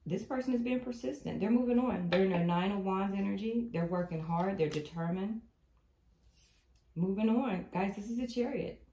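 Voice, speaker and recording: Emphatic woman giving a tarot reading. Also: mid-range voice. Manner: emphatic, repetitive, animated storytelling. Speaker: tarot reader. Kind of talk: spiritual tarot reading to viewers. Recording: echoey room, faint noise.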